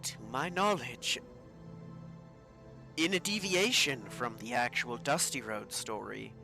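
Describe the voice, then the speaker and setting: A man playing a tabletop role-play game on a live stream, talking in a dry, measured way. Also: medium pitch, vocal fry, over music. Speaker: player.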